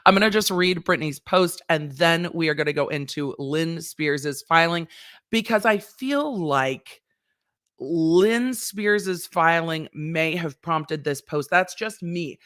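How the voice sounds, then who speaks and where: A woman's voice: low voice, slow pace, fairly bright tone. A woman lawyer hosting a casual livestream, chatty and rambling, swearing and laughing as she talks.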